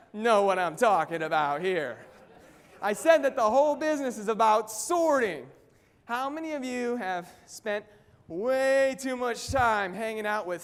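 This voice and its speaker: A man giving an energetic motivational talk at a company event, constantly firing questions at the audience. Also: high-pitched. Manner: energetic, keeps quizzing the audience. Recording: long hall reverb.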